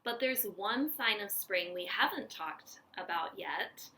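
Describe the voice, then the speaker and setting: Slow, gentle woman reading to children. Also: mid-range voice, lively intonation, very noisy. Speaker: teacher reading aloud. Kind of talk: children's read-aloud and nature talk.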